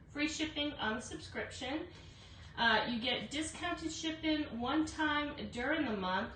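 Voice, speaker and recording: A woman's voice: a little high, sharp tone. Chatty woman hosting a craft livestream. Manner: chatty, greets viewers by name, many fillers. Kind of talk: casual live craft demo. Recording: echoey room, voice from a distance, faint noise.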